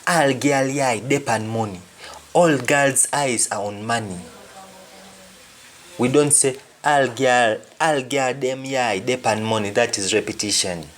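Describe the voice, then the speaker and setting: A man's voice: mid-range voice, measured pace, slight background noise. A man teaching a language lesson, explaining carefully and repeating each example phrase twice before translating it.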